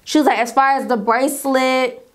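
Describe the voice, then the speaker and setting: A young woman tells a story-time tale to her camera. Her voice sits a little high, and she slips into the lines of the people in her story in an animated way. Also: moderate pace. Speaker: YouTuber telling a story.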